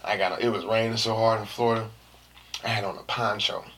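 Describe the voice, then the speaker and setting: A young man telling a story to camera in a casual, slangy way, dropping to hushed asides and rising to shouts. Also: lowish voice, fairly even intonation, fast. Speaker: vlogger.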